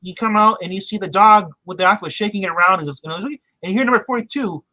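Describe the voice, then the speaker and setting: A man's voice: high voice, quick pace, pushed and bright, dry recording, poor audio. A man co-hosting a podcast, giving a casual episode recap and animatedly acting out the characters' quotes. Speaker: podcast co-host.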